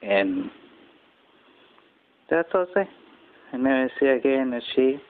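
A man from Japan, rambling through a personal story in halting English with many restarts. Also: medium pitch, sing-song. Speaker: channel host. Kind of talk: casual personal monologue. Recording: tinny phone-quality audio with faint noise.

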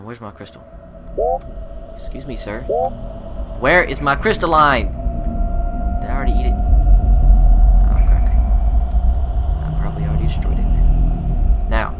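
A young man commenting on a platform game as he plays, swinging from muttering to frantic shouting. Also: mid-range voice, heavy background noise. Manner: excitable, jumps from mumbling to shouting. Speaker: gaming video host. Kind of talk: let's play commentary. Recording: loud game music behind voice.

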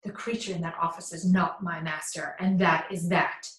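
A woman's voice: fairly low pitch, steady tone, normal speed, fairly bright tone, voice pushed down, natural voice. Brief: woman reading a fearful male butler, pleading, audiobook, echoey room. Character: loyal, frightened older male butler. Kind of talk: audiobook character voice. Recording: roomy echo.

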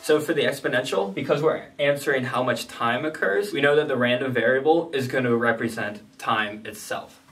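A man's voice: medium pitch, a little fast, hardly any pauses, fairly bright tone, faint music behind. Man explaining statistics, slightly distant mic. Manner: plain, methodical explaining with casual asides. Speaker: statistics teacher. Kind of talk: explanatory lesson.

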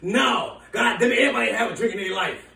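A man playing a furious, foul-mouthed woman who runs a big city, ranting in shouts and laughter. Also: high-pitched, fast talker, creaky, exaggerated voice. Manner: shouting, profane, laughing rants. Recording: echoey room, voice from far off.

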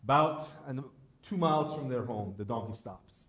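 A male pastor delivers a sermon in a chatty, storytelling manner, with a voice of middling pitch. He is recorded in a church, and his voice echoes around the roomy hall. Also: moderate pace, a crowd in the background. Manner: conversational storytelling preacher.

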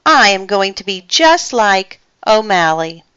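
A woman voicing an excited little boy kitten in a storybook read-aloud. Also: mid-range voice, slow pace, smooth, dry recording, lo-fi sound, exaggerated voice. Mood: eager. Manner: eager, excited.

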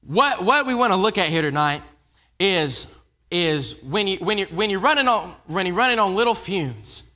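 High, bright-voiced preacher man. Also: expressive, moderate pace. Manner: conversational, repeats and restarts phrases. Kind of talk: casual evening sermon. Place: church.

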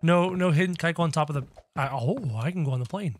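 A man commentating a game he is playing, with excitable, exaggerated reactions and playful chatter. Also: a little high, quick pace, no room sound, soft background music. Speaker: gaming channel host.

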